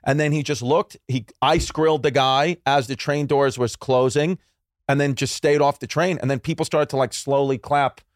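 A man's voice: mid-range voice, moderate pace, dry recording, clean studio sound. A man in his thirties from New York, a comedian telling rambling, jokey stories in casual podcast chat. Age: 30s. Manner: rambling, animated storyteller with jokey asides. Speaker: guest comedian.

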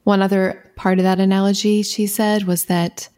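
A woman's voice: mid-range voice, flat delivery, normal speed, darkish tone. A woman co-hosting a podcast in casual chat, reflective and sympathetic. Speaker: podcast co-host.

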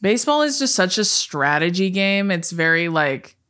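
A woman's voice: on the low side, very animated, moderate pace, a bit bright, smooth. A young woman co-hosting a podcast, chatting casually in a blunt, teasing way and swearing freely. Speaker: podcast co-host. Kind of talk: casual chat.

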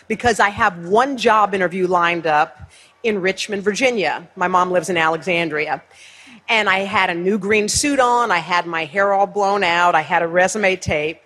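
Husky woman telling a lively story. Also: medium pitch. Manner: lively, self-mocking, acts out other people's lines. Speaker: speaker. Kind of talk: storytelling keynote speech. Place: stage with a live audience.

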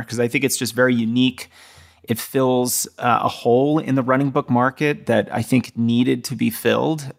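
A man hosts a running podcast with a gravelly, fry-tinged voice at a middle pitch. He talks with friendly enthusiasm, stopping now and then on ums and restarts. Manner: enthusiastic, friendly, with filler words. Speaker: podcast host. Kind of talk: casual podcast interview.

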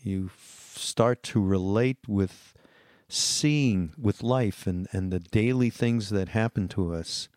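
A man hosting a podcast, speaking slowly and thoughtfully, with pauses and fillers. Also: fairly low pitch, a little mellow, dry recording, studio quality. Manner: slow and deliberate, with pauses and fillers. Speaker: podcast host. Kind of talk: reflective podcast intro.

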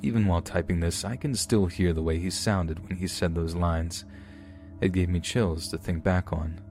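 A man with a very low, deep voice reads true horror stories at a measured, even pace. Quiet music plays faintly under his narration. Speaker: podcast narrator.

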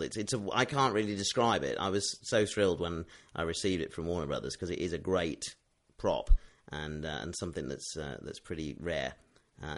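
A man from the United Kingdom, a guest on a podcast, chatting casually with a lot of fillers and restarts. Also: sits low. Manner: rambling, with many fillers and restarts. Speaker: interview guest. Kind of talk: casual chat.

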